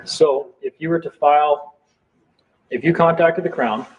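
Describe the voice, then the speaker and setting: A man's voice: fairly high pitch, a little slow. A man telling a heated, defiant story in a casual late-night chat, swearing freely. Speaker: live stream participant. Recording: dull lo-fi sound with faint noise.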